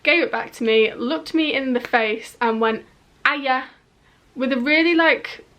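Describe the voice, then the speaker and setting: A woman's voice: a little high, moderate pace, a bit bright. A woman in her twenties with a Yorkshire accent, telling a chatty, rambling storytime vlog with lots of fillers. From northern England. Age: 20s. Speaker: vlogger.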